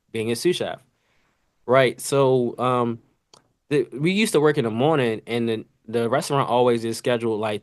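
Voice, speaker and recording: A man hosting a podcast, telling casual stories from restaurant kitchens in an animated, slangy way, acting out sounds and coworkers' voices. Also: medium pitch. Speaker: podcast host. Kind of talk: casual storytelling monologue.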